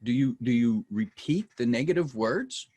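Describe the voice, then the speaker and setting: Halting male podcast host. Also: mid-range voice, lively intonation, dark tone, husky. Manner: halting, searching for words. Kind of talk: interview questions.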